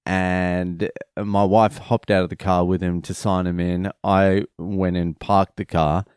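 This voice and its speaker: A father tells a family story in a casual, rambling vlog, animated and profane as he retells it. His voice is low and smooth, his pace slow, and the sound is clean studio quality with no echo.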